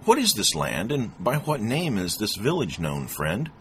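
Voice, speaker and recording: A good-natured but slow-witted storybook traveler, as a man puts him on, in a voice pitched well above the reader's own. He hesitates and stumbles, padding his questions with "uh"s. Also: huge pitch swings, a bit bright, slight background noise, full character voice. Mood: confused. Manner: bewildered, hesitant, with "uh" fillers. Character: cheerful simple-minded traveler man.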